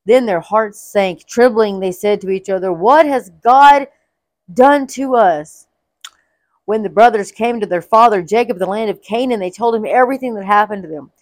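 A woman's voice: medium pitch, brisk, hardly any pauses, dry recording. A woman narrating a Bible story aloud, reading expressively and acting out the quoted lines. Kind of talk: read-aloud scripture storytelling.

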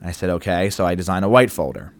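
Low-pitched, animated and fast, a man co-hosts a podcast in easygoing banter, dropping casual swears and acting out workplace stories. The audio is dry with no room sound.

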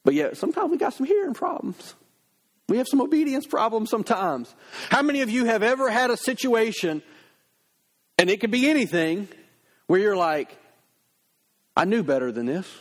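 Male pastor, sermon, lively conversational storytelling, high voice. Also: moderate pace.

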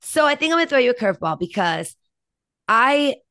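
A woman's voice: high voice, big pitch swings, fairly quick, fairly bright tone, no echo. Enthusiastic woman co-host, dry sound. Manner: enthusiastic, laughs often. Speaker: podcast co-host. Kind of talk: casual chat about TV shows.

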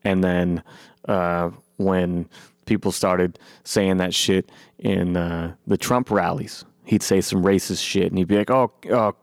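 A man's voice: low-pitched, measured pace, dry recording, studio quality. A man, a punk band musician, talking in a casual, profane monologue and mocking people in quoted voices. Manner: profane, animated, mocks others in quoted voices.

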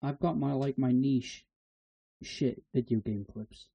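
A man's voice: medium pitch, steady tone, slow pace, gravelly, mellow, breathy edge, dry recording. A man co-hosting a podcast with sweary, jokey interjections over a dull lo-fi mic. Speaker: podcast co-host. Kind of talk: casual banter.

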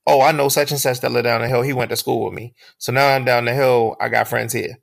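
A man's voice: mid-range voice, fairly even intonation, fast talker, creaky, no echo. A man co-hosting a podcast, a profane storyteller who acts out the voices he quotes. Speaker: podcast co-host. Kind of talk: casual chat.

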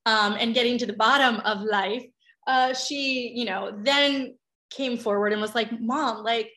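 A woman's voice: fairly even intonation, unhurried, bright, forceful tone. A woman, a mother in her thirties, telling a personal story in candid casual chat, swearing freely and acting out quotes. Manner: chatty, swears freely, acts out quotes with big pitch jumps.

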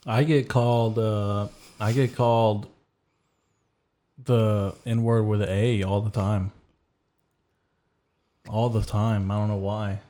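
Man, low voice, podcast host, rambling crude anecdotes, casual chat. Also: level tone, slow, long pauses, mellow. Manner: rambling, crude storytelling with frequent fillers.

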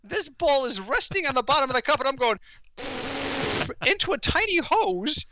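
A man co-hosting a casual sports podcast, telling stories in an animated way and ranting toward comic punchlines. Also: very high-pitched, moderate pace, muffled recording, background noise. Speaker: podcast co-host.

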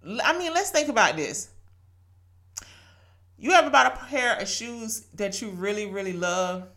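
This woman, somewhere between her late thirties and forties, hosts a podcast where she delivers a sincere, conversational devotional talk sprinkled with laughs and scripture. Her mid-range voice is expressive, bright and forceful, with a slightly slow pace.

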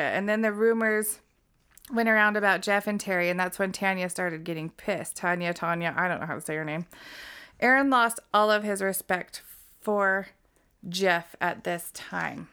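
A young adult woman from Utah chats through a true crime podcast, blunt and quick to swear. Her voice is smooth and clean at an ordinary pitch, and she laughs often. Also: pushed and bright. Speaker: podcast co-host.

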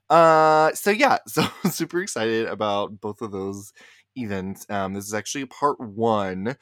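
Bubbly low-voiced male podcast host. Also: fairly bright tone, no room sound, studio quality. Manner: bubbly, jokey, giggly, rambling. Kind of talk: casual upbeat podcast chat.

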